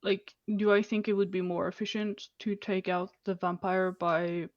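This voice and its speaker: A woman's voice: medium pitch, little pitch movement, normal speed, no echo. Hesitant woman player on a dull mic. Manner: thinking aloud, hesitant with ums. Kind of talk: casual chat at a tabletop game.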